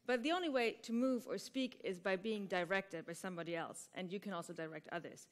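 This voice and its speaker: A woman's voice: mid-range voice, brisk. A woman teaching improv who explains a game step by step to a conference audience, often checking in with "right?". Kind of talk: conference talk.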